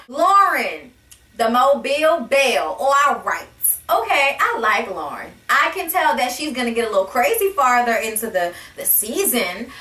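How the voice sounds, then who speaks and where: A woman's voice: a little high, recorded from a distance. Sassy, blunt woman ranting in an echoey room. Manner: sassy, blunt, profane, animated. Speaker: reality TV reviewer. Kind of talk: casual rant to camera. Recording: echoey room, voice a bit off-mic.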